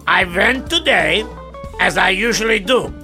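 A man's voice: high-pitched, lively intonation, pushed and bright, soft background music, full character voice. A man doing a stammering, frantic jewelry store owner. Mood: strained calm. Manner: stammering, panicky, rushing his words. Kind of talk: comedy sketch acting.

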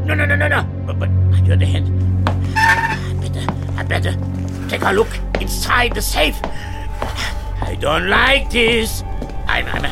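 Guy doing a frantic stuttery jewelry store owner, slow drawn-out delivery between bursts, gravelly, sketch comedy. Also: extremely high pitch, exaggerated voice. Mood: panicked. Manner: stammering, panicky, rushing his words.

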